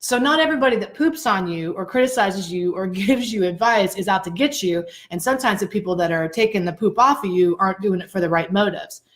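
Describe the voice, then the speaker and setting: A woman co-hosting a casual talk show, animated and laughing often as she tells stories. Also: medium pitch, fairly quick, hardly any pauses. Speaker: co-host. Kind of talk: casual chat and storytelling.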